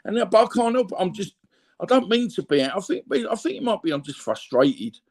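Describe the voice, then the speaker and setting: Man, Cockney accent, middle-aged, earthy, rambling, repeats himself, slightly high voice. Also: sing-song, fairly quick, a little mellow, slightly rough. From London, England. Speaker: guest. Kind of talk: candid conversational storytelling.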